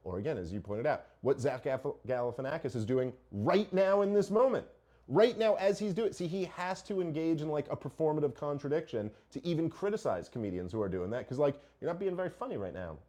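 A man's voice: fairly high pitch, lively intonation, brisk, warm tone. A middle-aged man hosting a podcast, arguing his point in casual, profane chat full of rhetorical questions. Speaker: podcast host.

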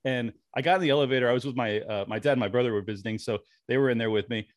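Talking very fast in a mid-range voice, a young man appears as a guest on a podcast, spinning lively stories and laughing frequently in casual conversation. There's no echo on the recording.

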